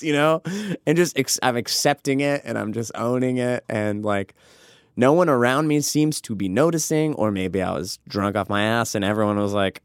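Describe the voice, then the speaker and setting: Casual male storyteller, profane and giggly, mid-pitched voice, dry close sound. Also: normal speed, vocal fry, clear, resonant tone, no room sound. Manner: profane, laughing, animated.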